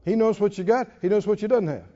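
A man's voice: sits high, fast talker, dark tone, big-room sound, muffled recording. A man preaching a sermon, emphatic and calling out to the congregation. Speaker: pastor.

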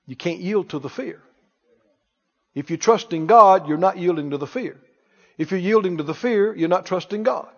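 A man's voice: high-pitched, normal speed, fairly bright tone. A man preaching a sermon emphatically, leading his congregation in call-and-response. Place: church sanctuary. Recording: dull recording in a reverberant hall.

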